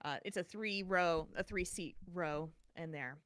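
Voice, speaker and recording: A woman co-hosting a podcast, telling a personal story in a casual, animated way with many restarts. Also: fairly low pitch, measured pace, no room sound, studio quality. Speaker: podcast co-host.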